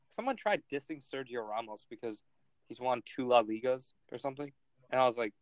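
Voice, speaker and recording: Joking, animated man hosting a podcast. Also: medium pitch, fairly quick, dry recording, low-quality recording. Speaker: podcast host. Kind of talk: casual sports podcast chat.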